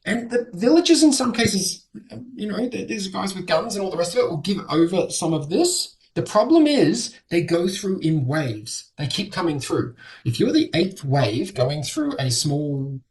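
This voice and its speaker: A middle-aged man, a historian, explaining in an animated lecture-style way as an interview guest. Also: sits high, measured pace. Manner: animated, acts out quoted voices.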